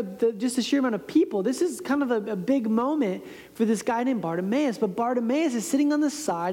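A woman preacher telling a scripture story in a sermon, with dramatic shifts between loud and hushed delivery. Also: medium pitch. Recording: long reverb in a large hall.

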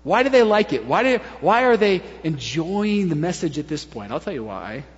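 A male pastor preaches in a high, animated voice that swings widely in pitch and slips into playful impressions of the crowd. The recording is muffled and a little lo-fi. A long reverb hangs in the church hall. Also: normal speed. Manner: animated, acts out crowd voices, conversational asides. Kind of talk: sermon.

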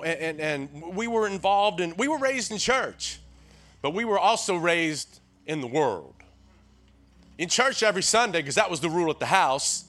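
A man in his sixties with a Tennessee accent, preaching a sermon as a guest preacher, telling folksy stories and calling out to the crowd. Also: on the high side. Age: 60s. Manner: lively call-and-response, keeps urging the crowd on; folksy storytelling with frequent restarts.

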